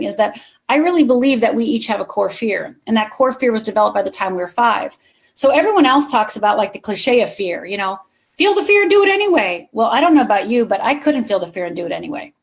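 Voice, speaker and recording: A woman's voice: fairly high pitch, animated, fast, vocal fry. A middle-aged woman giving a motivational keynote to a live conference audience, telling a personal story and speaking straight to the crowd.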